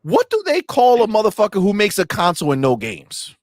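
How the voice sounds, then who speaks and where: A man co-hosting a gaming talk show, heckling and swearing in animated casual chat. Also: high voice, a little fast, dry recording, clean studio sound. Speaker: podcast co-host.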